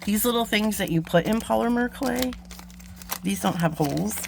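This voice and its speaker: A woman's voice: mid-range voice, moderate pace, vocal fry, background noise. A woman hosting a jewelry-making channel, chatting casually and gushing as she unboxes beads, with frequent ums and gasps.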